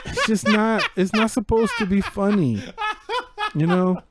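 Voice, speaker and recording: A man's voice: high-pitched, huge pitch swings, measured pace, crowd noise. Profane, rambling man. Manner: rambling, profane, code-switching into Spanish slang. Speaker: podcast co-host. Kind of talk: casual movie review chat.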